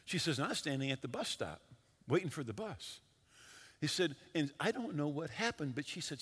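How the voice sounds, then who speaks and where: A man preaching a sermon as a pastor, telling a story with quick shifts between loud and hushed delivery. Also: fairly high pitch, big pitch swings, slightly rough, long reverb tail.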